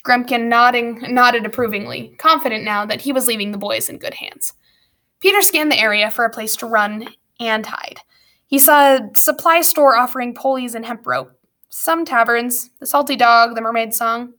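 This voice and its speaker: A woman reading a storybook aloud as narrator, with lively storytelling and wry asides. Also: a little high, normal speed. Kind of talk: audiobook narration.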